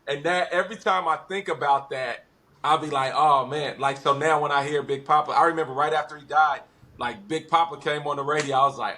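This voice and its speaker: A man's voice: fairly high pitch, moderate pace. A man from West Los Angeles, a podcast guest, telling stories casually and acting out what people said. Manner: animated storyteller, acts out quotes. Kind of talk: casual conversation.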